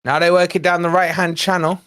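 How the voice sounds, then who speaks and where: A man hosting a live fan watch-along, commentating on play and chatting with viewers, excitable and quick to shout at near misses and fouls. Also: high voice, clear, resonant tone. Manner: chatty, talks to viewers and co-host. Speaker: fan channel host.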